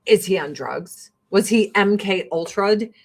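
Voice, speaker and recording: A woman from rural Illinois in the US Midwest hosts a casual get-ready-with-me vlog, blunt, chatty, swearing freely and laughing often. Her mid-range voice is expressive, a little slow and darkish, with slight background noise.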